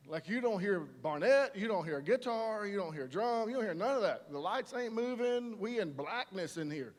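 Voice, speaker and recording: A man preaching a sermon, animated and conversational, slipping into quoted voices. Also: high-pitched. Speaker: pastor. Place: large church auditorium. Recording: live church hall reverb.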